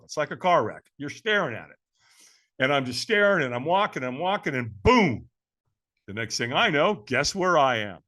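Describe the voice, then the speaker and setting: A man in his seventies from California, a podcast guest telling a story in a lively way, often calling the listener "man.". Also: on the high side. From California, USA. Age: 70s. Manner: lively, acts out quoted voices, says "man" often. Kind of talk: animated storytelling.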